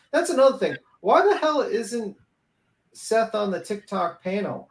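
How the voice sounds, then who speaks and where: A high-pitched man holds court on a livestream panel, venting with heavy cursing and mocking sarcasm. His voice rings with the echo of the room he records in. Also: expressive, normal speed. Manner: profane, ranting, sarcastic. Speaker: panel host. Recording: roomy echo.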